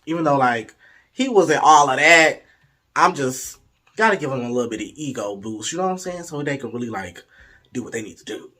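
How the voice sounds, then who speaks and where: A man's voice: medium pitch, animated, a little fast, pushed and bright. A young man telling a frank, profane, playful story in a casual way, slipping into the voices of the people in it. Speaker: vlogger.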